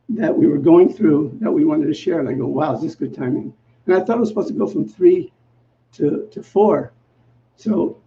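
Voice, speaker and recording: Minister telling a story from the pulpit. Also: male voice, a little high. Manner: acts out quoted dialogue in a lively, self-mocking way. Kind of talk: sermon storytelling. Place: church sanctuary. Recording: muffled recording with faint background noise.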